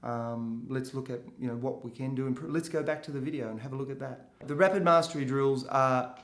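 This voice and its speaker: A man's voice: mid-range voice, steady tone, a little fast, fairly bright tone. A man, giving a casual testimonial interview, with frequent hesitations and restarts. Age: 40s. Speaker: jiu-jitsu student giving a testimonial. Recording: echoey room.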